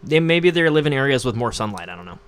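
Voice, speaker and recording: A man's voice: medium pitch, very animated, fast talker, fairly bright tone, clear, resonant tone. A young man hosting a livestream, ranting casually to his chat in a mocking, profane, rambling way. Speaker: livestream host. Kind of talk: casual rant to live chat.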